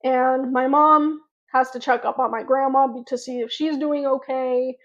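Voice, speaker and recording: A woman's voice: sits high, steady tone, normal speed, dull audio. A woman vlogger telling a personal story to her viewers in a casual, rambling way, full of fillers and restarts.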